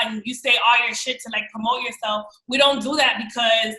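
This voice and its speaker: A young woman, a guest on a podcast, talking in an animated, candid and slangy way. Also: a little high, brisk. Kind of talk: casual chat. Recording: roomy echo.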